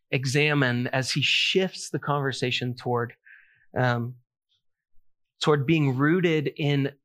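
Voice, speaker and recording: Bright-voiced, chatty male preacher. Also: mid-range voice. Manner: casual, conversational preaching with self-deprecating humor. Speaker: pastor. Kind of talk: sermon.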